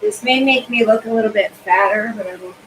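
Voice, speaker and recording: A woman's voice: medium pitch, quick pace, a little hiss or hum, low-quality recording. A woman hosting a casual live stream, overheated and sweaty, chatting as she reads viewer comments aloud and answers them. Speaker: livestream host.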